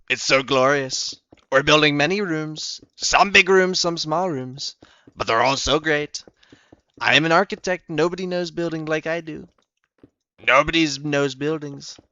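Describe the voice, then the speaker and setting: A man's voice: on the high side, a little slow, sharp tone, no echo, lo-fi sound, pitched above the performer's own voice, exaggerated voice. A young man putting on the voice of a boastful older male politician, bragging in repetitive superlatives with a strained throat. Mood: grandiose.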